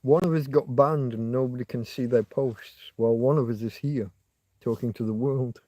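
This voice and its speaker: A man's voice: medium pitch, steady tone, normal speed, warm tone, no room sound. Rambling, wry man on a livestream. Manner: rambling, wry, self-mocking, hesitant restarts. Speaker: livestream host. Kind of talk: rambling live chat with viewers. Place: outdoors in a field. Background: passing motorbike.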